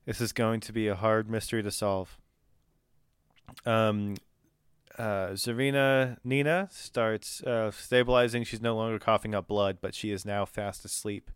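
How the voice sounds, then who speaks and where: A man's voice: on the low side, fairly even intonation, unhurried, smooth, no room sound, clean studio sound. A man narrating a tabletop game as game master, hesitant with many fillers.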